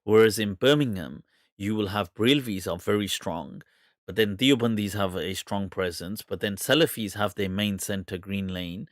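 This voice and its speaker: A man's voice: lowish voice, moderate pace, no echo, studio quality. A British man hosting a live question-and-answer show, chatting loosely with frequent laughter and rambling asides, with an accent that is hard to place. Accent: mixed British English, hard to place. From England. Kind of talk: casual live Q&A chat.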